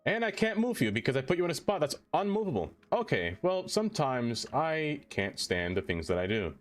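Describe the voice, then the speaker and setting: A man's voice: a little high, sing-song, fairly quick. A young man chatting casually on a live stream as he plays a city-building game. He talks to the things he builds and laughs often. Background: faint music.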